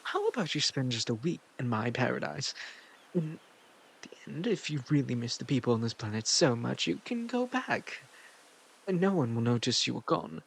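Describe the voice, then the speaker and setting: A man's voice: mid-range voice, big pitch swings, moderate pace, creaky, husky, full character voice. A man voicing an egotistical, possessive male god in an audio role-play, with a coaxing manner and a put-on foreign-sounding accent. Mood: smug, coaxing.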